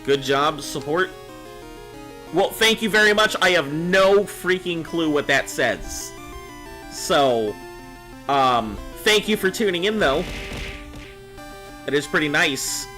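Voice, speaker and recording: A man's voice: on the high side, animated, slow pace, long pauses, sharp tone, soft background music. A man streaming live, chatting casually with viewers, reading chat messages aloud and joking as he goes.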